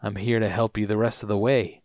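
A man voicing a calm, knowing older man from a TV drama, speaking in a low, measured way while recapping scenes. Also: no room sound, studio quality, natural voice.

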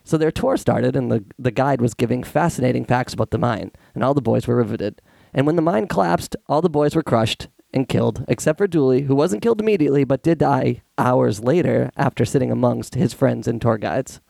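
Hoarse, giggly man with a gravelly voice. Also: mid-range voice, a little fast, a little mellow, no echo. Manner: giggly, laughs between sentences. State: hoarse, coming down with a cold. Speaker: podcast co-host. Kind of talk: casual chat and reading a comic story aloud.

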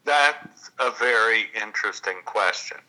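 A man from Texas, an actor and guest, telling stories in an unhurried, reflective interview. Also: fairly low pitch, pushed and bright, rough recording. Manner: unhurried, reflective, with long pauses.

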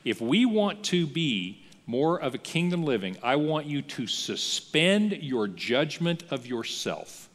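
A man preaching a sermon as a pastor, in a conversational, lively style that acts out the voices he quotes. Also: a little high, takes it slowly, hardly any pauses, big-room sound. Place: church.

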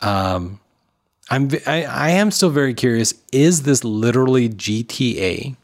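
A man's voice: medium pitch, animated, unhurried. A man co-hosting a casual talk show, opinionated and talkative, often acting out other people's lines. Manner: opinionated, talkative, acts out quotes. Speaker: podcast co-host. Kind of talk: casual chat.

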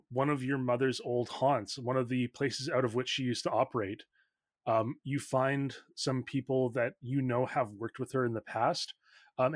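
Quick-talking man running a tabletop game. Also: medium pitch, no room sound, studio quality. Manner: quick, loose, full of ums and likes. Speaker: game master.

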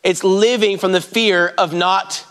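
Bright-voiced man preaching a sermon. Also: high-pitched, steady tone, measured pace, smooth. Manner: storytelling, addresses the congregation directly.

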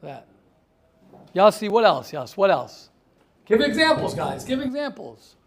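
A man with a notably high voice leads a yeshiva class. He talks animatedly, throwing out rhetorical questions and everyday stories to his students. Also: big pitch swings, a little slow. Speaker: yeshiva teacher. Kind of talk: lively classroom talk.

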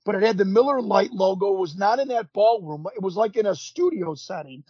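High husky guy in his 50s telling stories on a podcast, animated, dry dull lo-fi sound. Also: a little fast, no room sound. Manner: animated storyteller, acts out quotes, frequent restarts. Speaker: podcast guest, former pro wrestler. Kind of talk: casual storytelling interview.

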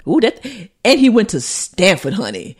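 A woman co-hosting a casual chat show, playful and animated, repeating lines for emphasis. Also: medium pitch, normal speed, breathy edge. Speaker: podcast co-host.

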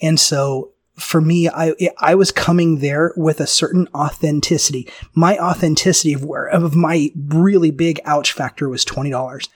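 A man hosting a casual talk, telling a personal story in an animated way, often restarting his sentences. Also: on the high side, moderate pace, hardly any pauses, dry recording, studio quality. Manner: animated, self-interrupting storyteller with frequent restarts and laughs. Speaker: podcast host.

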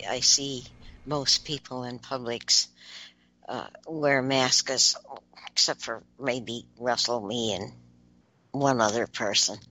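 A co-host whose voice sits very low yet sounds bright and forward. She talks slowly and softly, with a wistful tone, in an easy conversational way. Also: low-quality recording. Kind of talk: casual chat.

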